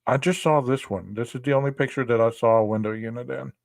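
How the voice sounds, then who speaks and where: A man's voice: medium pitch, fairly even intonation, fast, vocal fry, dry recording. A chatty man talking casually on a podcast, turning often to ask his listeners what they think. His voice sits in the middle range and sounds close and dry, with no room around it. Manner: chatty, addresses listeners directly. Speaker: podcast co-host. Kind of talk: casual commentary.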